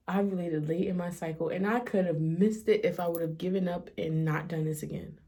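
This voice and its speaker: A woman's voice: fairly low pitch, fairly even intonation, a little fast, hardly any pauses, mellow. A woman speaking emotionally to her vlog audience, near tears as she confides. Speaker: vlogger. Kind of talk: personal vlog confession.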